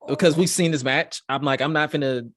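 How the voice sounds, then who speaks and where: A man hosting a podcast, reviewing wrestling in excitable, profane, rambling casual chat. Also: fairly high pitch, brisk, dry recording, studio quality. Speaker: podcast host.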